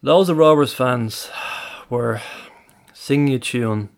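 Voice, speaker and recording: Sex: man. Role: podcast co-host. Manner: dry, wry, mid-pitched, conversational. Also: slow pace, vocal fry. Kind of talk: casual football fan chat.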